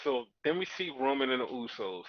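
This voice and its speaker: A man's voice: mid-range voice, sing-song, brisk, no echo. A man casually recapping a show in rambling, profane chat and acting out what people said. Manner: rambling, profane, acts out quotes. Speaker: podcast co-host. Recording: dull lo-fi dry sound.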